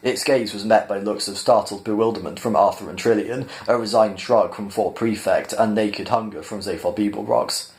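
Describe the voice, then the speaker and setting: A man reading a novel aloud in a measured, plain narrating style. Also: on the low side, fairly even intonation, a little mellow. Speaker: reader. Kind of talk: audiobook-style storybook reading.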